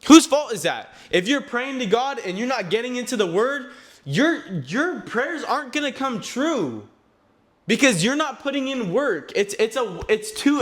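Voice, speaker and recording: A young man of nineteen speaks with a noticeably high voice, delivering a faith-driven motivational talk straight to his viewers. He is earnest and a bit preachy, and he often trips over his words and restarts sentences. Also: fairly bright tone. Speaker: clothing brand owner and vlogger.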